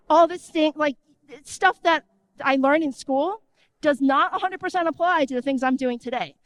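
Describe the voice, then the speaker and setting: A woman giving an energetic conference talk in a conversational tone, often checking in with the audience. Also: high voice, dry recording. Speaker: conference speaker. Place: conference stage.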